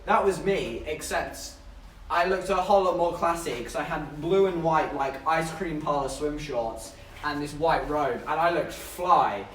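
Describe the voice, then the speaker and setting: A man's voice: on the high side, a little slow, a bit bright, recorded from a distance, a little hiss or hum. A young man from southern England chatting casually to his livestream chat, telling stories with giggles along the way. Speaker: streamer. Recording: echoey room, voice a bit off-mic.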